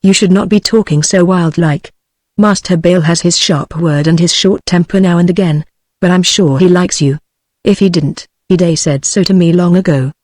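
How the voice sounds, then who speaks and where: A British woman text-to-speech voice reading the part of a kindly, motherly old housekeeper in a flat, unchanged delivery. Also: on the low side, normal speed, no room sound, clean studio sound, close to an everyday voice. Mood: coaxing. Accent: British English. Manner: plain synthetic reading, no change of voice.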